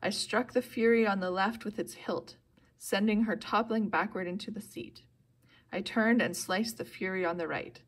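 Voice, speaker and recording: A woman reading a novel aloud steadily, lifting her voice for the characters' lines. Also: normal speed. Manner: reads steadily, voicing characters with louder, higher bursts. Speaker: audiobook reader.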